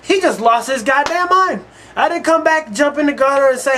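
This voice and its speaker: High, bright-voiced ranting man. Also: a little fast, a little hiss or hum. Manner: heated, cursing, storytelling. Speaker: online show host. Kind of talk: profane ranting monologue.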